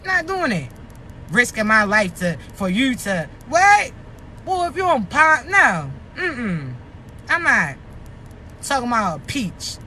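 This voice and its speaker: A woman's voice: a little high, big pitch swings, unhurried, bright, forceful tone. A woman in her thirties ranting bluntly to her followers in a casual vlog, swearing and firing rhetorical questions, a little out of breath, outdoors near traffic. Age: 30s. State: short of breath. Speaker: vlogger. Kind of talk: casual rant to camera.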